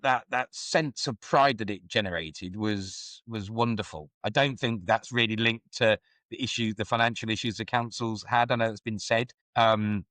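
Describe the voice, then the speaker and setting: Man, middle-aged, podcast guest, reflective, middle pitch, dry close sound. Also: fairly bright tone, dry recording. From England. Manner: reflective, full of "you know" and restarts. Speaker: guest, former football club executive. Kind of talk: podcast conversation.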